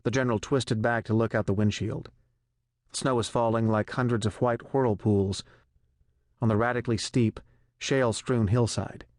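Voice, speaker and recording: A male audiobook narrator reading a thriller in a measured, even storytelling manner on a close studio mic. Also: mid-range voice, no room sound.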